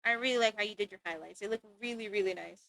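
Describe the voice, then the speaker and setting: A woman's voice: medium pitch, racing, vocal fry, a bit bright, no echo. A woman chatting casually to her viewers while streaming art, bubbly and laughing often. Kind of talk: casual livestream chat.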